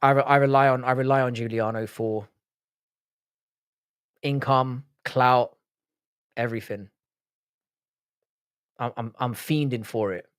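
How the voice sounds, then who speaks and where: A man's voice: mid-range voice, fairly even intonation, unhurried, long pauses, clear, resonant tone, no room sound, clean studio sound. Man bantering on a live stream. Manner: swearing, bantering, rambling with restarts. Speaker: livestream host. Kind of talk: casual live-stream chat, reacting to comments.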